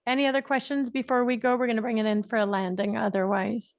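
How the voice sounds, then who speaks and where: A woman's voice: a little high, level tone, quick pace, no echo, muffled recording. An Irish woman giving an emphatic, repetitive motivational talk to a group on a coaching call, laughing often. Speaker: business coach.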